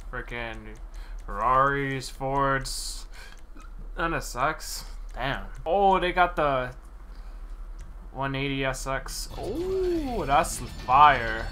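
A young man streaming gameplay, chatting casually and excitedly with slang and frequent laughs. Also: medium pitch, slight background noise.

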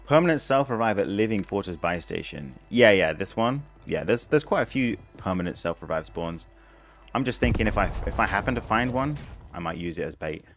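A man's voice: fairly low pitch, expressive, brisk. A young man streaming a game live, chatting casually and explaining things step by step, with frequent restarts. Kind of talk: casual live gameplay commentary.

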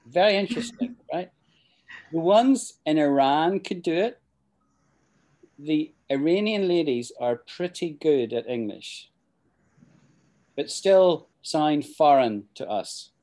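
Scottish guy teaching english, mellow voice, rambles a bit, lots of "you know". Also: a little high, expressive, takes it slowly, long pauses. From Scotland. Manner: chatty and rambling, with frequent restarts and "you know". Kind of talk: casual spoken English lesson.

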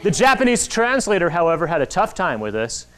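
A man in his forties giving an animated talk to children at a library, acting out the voices in his stories. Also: high-pitched, a little fast. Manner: animated storytelling, acts out quoted voices. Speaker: author speaking to kids. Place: public library hall. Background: audience of children.

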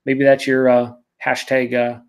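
A man's voice: mid-range voice, monotone, a little slow, clean tone. A man hosting a live beer review stream, reading viewer comments aloud and answering them with joking, profane banter. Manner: joking, swears freely, teasing banter.

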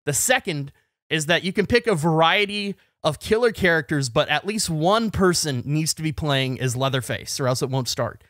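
A man with a high, light voice tells a story on a podcast, getting animated as he acts out both sides of an argument. The sound is dry and close. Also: moderate pace, dry recording. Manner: animated, acts out shouting matches. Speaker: podcast co-host. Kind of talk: casual storytelling.

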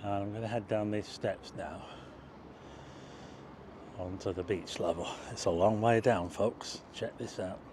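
Fairly low-pitched and a little mellow, the man's steady voice is a bit slow with long pauses, and a little hiss or hum runs underneath. He is a travel vlogger on a casual walk through town streets, chatting to viewers as folks and exclaiming at the sights.

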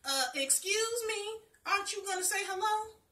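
A woman voicing a sarcastic, grumpy male talking tree with a high, snappy delivery. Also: animated, normal speed, pushed and bright, roomy sound, far from the mic, exaggerated voice. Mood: indignant.

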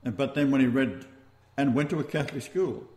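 A man with an Australian accent hosting a talk-radio show, rambling and halting as he goes. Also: medium pitch, mellow, echoey room. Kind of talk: casual talk-radio chat.

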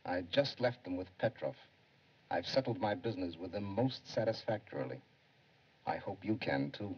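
A low, smooth schemer. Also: male voice, lively intonation, moderate pace, heavily acted. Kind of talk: 1930s film acting. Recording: dull 1930s film soundtrack.

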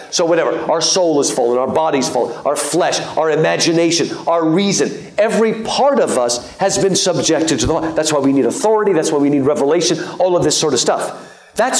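A man giving a live lecture to an audience, lively and joking, with many fillers and asides. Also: on the high side. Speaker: guest lecturer. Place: lecture hall. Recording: echoey lecture hall.

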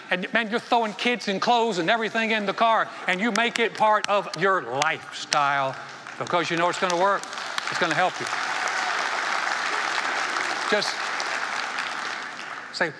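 A senior pastor preaching a sermon in a folksy storytelling way, acting out little dialogues between churchgoers. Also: male voice, high-pitched, moderate pace, pauses often, bright, forceful tone, some chatter behind. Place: church auditorium. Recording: long hall reverb.

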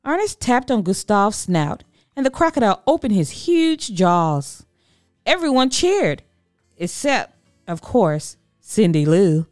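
A woman reading a children's picture book aloud in an expressive, animated storytelling voice. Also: mid-range voice, takes it slowly, dry recording, studio quality, soft background music.

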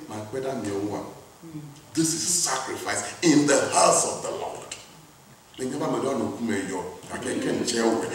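Animated preacher, echoey church. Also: male voice, high voice, recorded from a distance, a little hiss or hum. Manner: switches between English and a West African language; rhetorical questions to the congregation. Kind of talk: sermon. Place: church hall.

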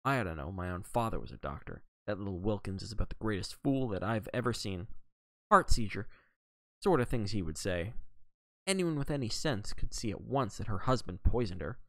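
A man doing a gruff, blunt Englishwoman. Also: fairly low pitch, expressive, fairly quick, fairly bright tone, no room sound. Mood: indignant. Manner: snappish, clipped and scornful. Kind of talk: reading a novel aloud.

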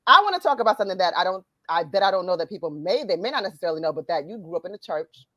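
Woman, interviewer, quick talker, animated pitch, chatty, dry close sound. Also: no room sound. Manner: lively and chatty, laughs often, acts out quotes. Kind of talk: casual interview chat.

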